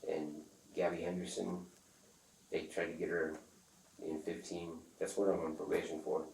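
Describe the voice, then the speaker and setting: A man telling a rambling, profane story in casual talk, acting out the other people's lines loudly. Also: low voice, level tone, moderate pace, creaky. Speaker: interviewee. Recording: echoey room, far from the mic, faint noise.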